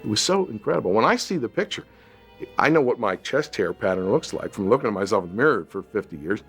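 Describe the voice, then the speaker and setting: Male actor interviewee, deep voice, reflective anecdote, light music bed. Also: sing-song, fast, fairly bright tone. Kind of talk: documentary interview recollection.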